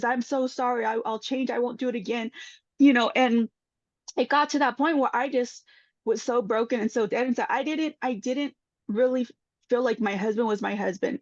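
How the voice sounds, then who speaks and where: Emotional woman with a higher voice. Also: no room sound. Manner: emotional, fast restarts and repeated words. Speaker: panel guest. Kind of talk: personal testimony in a podcast panel. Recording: dull lo-fi dry sound.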